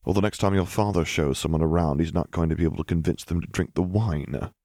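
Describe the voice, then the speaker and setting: A young wizard husband with a wry, joking way of downplaying trouble, as a man reads him in an audiobook. The voice sits deep and low, recorded close and dry. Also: fast, warm tone, no echo. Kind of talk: audiobook character reading.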